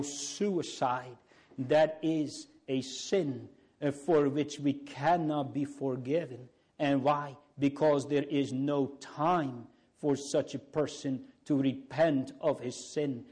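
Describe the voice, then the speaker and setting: A man preaching a sermon in a solemn, pleading way, with long pauses and repeated phrases. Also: fairly high pitch, dark tone, slightly rough.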